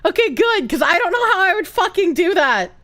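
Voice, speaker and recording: A woman's voice: very high voice, big pitch swings, fairly quick, sharp tone. A woman streamer chatting casually and giggling a lot as she reads out her chat.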